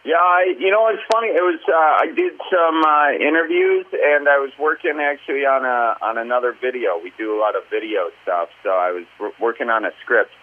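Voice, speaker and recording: A man's voice: mid-range voice, a little fast, few pauses. Brief: male comedian guest from the Midwest, loose and filler-heavy, heard over a tinny phone line. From American Midwest. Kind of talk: casual interview chat.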